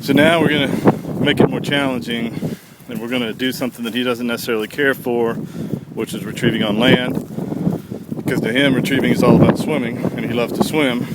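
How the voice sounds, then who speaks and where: A man's voice: mid-range voice, steady tone, a little fast. A man who trains dogs, explaining his methods in a plain, easygoing way outdoors by a pond on a windy ranch. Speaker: dog trainer. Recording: loud outdoor wind noise. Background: wind and outdoor noise.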